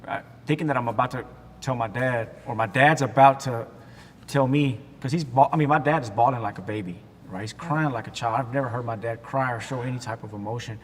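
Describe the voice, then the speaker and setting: A man in his forties from Texas tells his life story as an interview guest, halting and restarting, taking on the voices of people in his story. His voice has a long reverb tail, as if in a large hall. A faint low rumble sits underneath. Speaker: guest sharing his testimony. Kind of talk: emotional personal storytelling in an interview.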